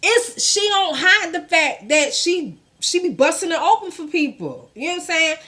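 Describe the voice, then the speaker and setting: A woman's voice: very high voice, very animated, moderate pace, bright, forceful tone. A woman hosting a casual gossip commentary show, blunt and profane, talking in with laughing asides.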